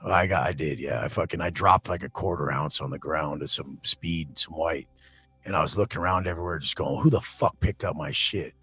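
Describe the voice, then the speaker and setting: A podcast guest with a rumbling low, bright, forceful voice and a breathy edge tells blunt, aggressive stories at a brisk clip, swearing constantly and acting out quoted confrontations. The recording is echo-free, with soft background music.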